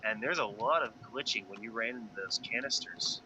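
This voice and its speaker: A man, a pilot, chatting casually about a space game in a relaxed, rambling way, thinking aloud with fillers. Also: on the low side, a little fast. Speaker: pilot and gaming video co-host. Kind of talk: casual gaming chat. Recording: noisy background.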